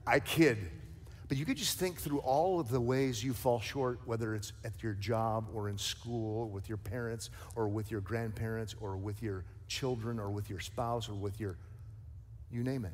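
A man's voice: lowish voice, normal speed, big-room sound, a little hiss or hum. A male pastor preaching a sermon, emphatic and conversational, with light jokes and asides. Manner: emphatic preaching with rising, forceful stresses.

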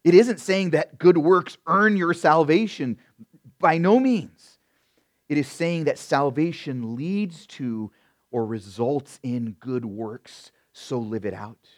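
Brief: middle-aged man, pastor, sermon delivery; slightly high pitch, emphatic with soft drop-offs. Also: takes it slowly. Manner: emphatic, shifts between loud stresses and quiet asides; addresses listeners as beloved.

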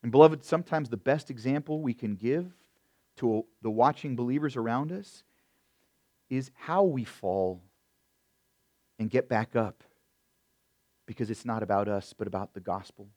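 A middle-aged man preaching a sermon as pastor, emphatic, swinging between loud stressed words and quiet asides, often calling his listeners "beloved.". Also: medium pitch, moderate pace, long pauses.

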